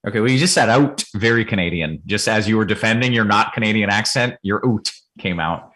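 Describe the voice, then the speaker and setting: A man hosting a casual sports betting chat, joking and firing off quick questions. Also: lowish voice, fairly bright tone. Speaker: host.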